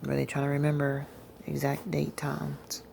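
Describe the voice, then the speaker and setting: A tired woman telling a personal religious testimony in a rambling, halting way, full of fillers. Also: deep voice, monotone, creaky, a little mellow, slight background noise. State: tired, yawning. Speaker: Christian testimony speaker.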